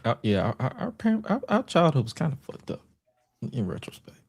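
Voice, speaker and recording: Brief: male co-host, husky voice with a wide, swooping pitch, jokey and laughing. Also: big pitch swings, fairly quick. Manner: laughing, joking storyteller. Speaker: podcast co-host. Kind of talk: casual podcast banter.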